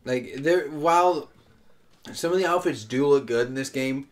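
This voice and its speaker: Young american guy rambling about a video game, lots of um and like, mid pitch. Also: moderate pace. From United States. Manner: rambling, opinionated, frequent fillers. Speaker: co-host playing a video game. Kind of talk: casual gameplay chat.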